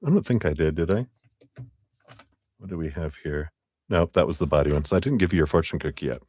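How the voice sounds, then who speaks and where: Deep-voiced man giving a lively reading. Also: brisk. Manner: animated, acts out quoted voices with big pitch jumps; laughs often, many fillers. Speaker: tarot reader. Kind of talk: live-streamed reading talk.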